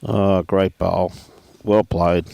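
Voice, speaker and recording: Over lo-fi sound, a middle-aged Australian man with a low, gravelly, dark voice speaks slowly and flatly. He's commentating lawn bowls live, laid-back and jokey, bantering and calling people mate.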